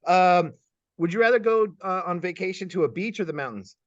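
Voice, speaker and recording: Brief: upbeat male host from Kansas City, animated higher voice, dull slightly muffled recording, stammers and laughs a lot. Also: fairly quick, no echo. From Kansas City, United States. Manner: upbeat, laughs often, stammers and repeats words. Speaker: host and geometry teacher. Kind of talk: lightning-round interview questions.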